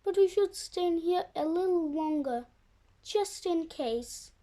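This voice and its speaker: A young reader voicing a nervous little boy rabbit, urging and hushing. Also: very high-pitched, expressive, measured pace. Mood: hushed. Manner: urgent, hushed warnings.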